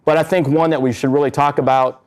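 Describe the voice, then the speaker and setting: Upbeat male live-show host, slightly high voice, playful banter. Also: steady tone, quick pace. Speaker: podcast host. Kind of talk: live stage show hosting. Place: event space with live audience. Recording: muffled live recording.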